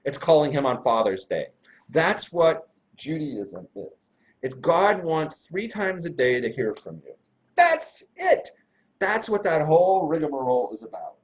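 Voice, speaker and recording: A man explaining religious ideas in a loose, slangy, irreverent way, his voice leaping up and down as he talks. It sits a bit high for a man. The recording is dull and lo-fi. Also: big pitch swings, a little slow. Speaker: Torah teacher and host. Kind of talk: casual religious lesson.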